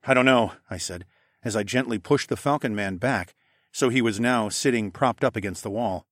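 A man narrating a first-person novel, measured and steady. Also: lowish voice, no echo, clean studio sound. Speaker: audiobook narrator.

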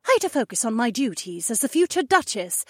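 A man voicing a poised young she-wolf duchess in an audiobook, gentle and reminiscing. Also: very high-pitched, very animated, quick pace, husky, dry recording, clean studio sound, voice pushed up, full character voice. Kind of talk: audiobook character voice.

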